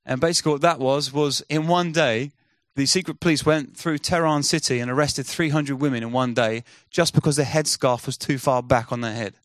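Male preacher, mid pitch, dry close sound, lively storyteller; acts out dialogue. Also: fairly quick, few pauses, no echo. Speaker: missionary speaker. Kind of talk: sermon storytelling.

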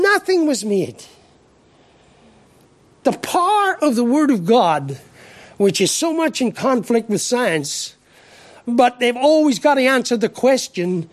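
A man's voice: very high voice, no room sound. Irish guy giving a sermon, voice jumps all over, stumbles on words, lots of "isn't it?" questions. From Ireland. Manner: emphatic, rhetorical questions, stumbling repeats. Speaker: preacher.

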